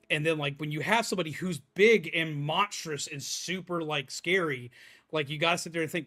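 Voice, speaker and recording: Excitable male streamer, casual chat, higher bright voice. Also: quick pace, faint music behind. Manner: animated, swears freely, excitable greetings.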